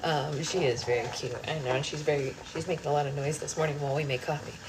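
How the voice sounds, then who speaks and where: A woman's voice: low-pitched, steady tone, fast, crowd noise, low-quality recording. A young woman hosting a live book club stream from home, chatting casually and rambling between comments and her baby. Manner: chatty, rambling, talks in sing-song baby talk to her infant. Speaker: book club livestream host. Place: home kitchen. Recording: loud air-conditioning hum behind.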